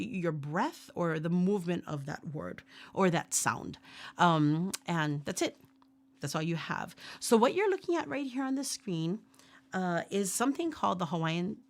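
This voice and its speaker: A woman leading a workshop, teaching Hawaiian pronunciation slowly and patiently with repeat-after-me drills. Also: lowish voice. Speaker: ukulele and Hawaiian language teacher.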